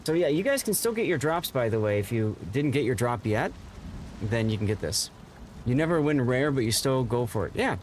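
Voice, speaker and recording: A man hosting a game livestream, chatting casually to viewers in a rambling way, with bursts of excited greetings. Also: medium pitch, fairly quick, slight background noise. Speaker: game streamer and host.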